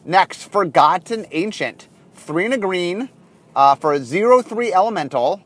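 Brief: man, podcast host, high lively voice, chatty car monologue, heard from a distance. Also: unhurried. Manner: animated, rambling with many fillers. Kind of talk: casual monologue while driving.

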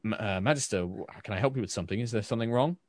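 A man voicing a female knight captain in a tabletop game, earnest and halting. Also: on the low side, a little mellow, no room sound, studio quality, close to an everyday voice. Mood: worried. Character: stern, honor-bound female knight captain.

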